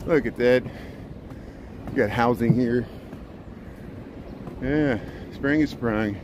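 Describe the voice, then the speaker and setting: A man's voice: medium pitch, extremely slow. A man live-streaming a city walk, chatting casually to viewers and greeting them by name, a little out of breath from walking and talking. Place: outdoors on city streets and park paths. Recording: wind noise on the mic outdoors. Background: traffic and wind.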